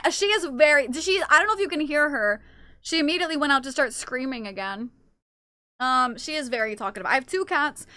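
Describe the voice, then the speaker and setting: A woman's voice: sits high, bright, forceful tone, no echo. A woman streamer chatting casually on a live stream, cooing baby talk to her cats between comments.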